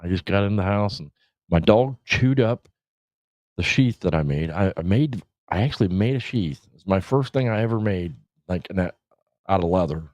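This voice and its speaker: A man's voice: sits low, lively intonation, moderate pace, darkish tone, no room sound. A middle-aged man hosting a casual livestream, rambling, swearing and laughing as he talks. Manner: rambling, profane, laughs often. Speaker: podcast host. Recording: dull lo-fi stream audio.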